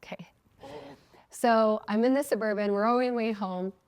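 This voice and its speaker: A woman's voice: medium pitch, steady tone, moderate pace, darkish tone, clean tone. A woman in her thirties hosts a podcast and tells a personal story in a casual, chatty voice. She slips into her own past lines as she tells it and laughs between phrases. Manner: laughs often mid-sentence. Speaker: podcast host.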